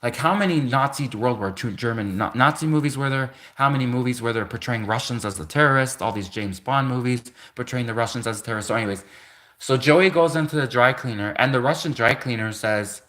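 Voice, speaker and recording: A man in his thirties with a bright, forward voice hosts a livestream and tells a story in a loose, wandering way. He keeps correcting himself mid-sentence and scatters "like" through his talk, laughing between thoughts. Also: mid-range voice, brisk. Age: 30s. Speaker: livestream host. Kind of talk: rambling casual storytelling.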